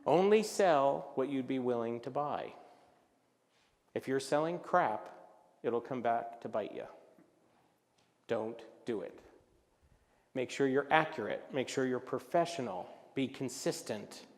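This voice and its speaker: A man giving a business presentation at a luncheon, animated and jokey, acting out little voices as he talks. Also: medium pitch, a little slow, long pauses, in a large hall. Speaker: luncheon speaker. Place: event hall.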